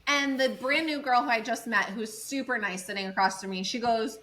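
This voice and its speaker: A woman's voice: on the high side, a little fast, low-quality recording. A woman co-hosting a podcast, chatting casually and acting out other people's lines as she tells a story. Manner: animated storyteller acting out quotes. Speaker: podcast co-host. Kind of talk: casual chat.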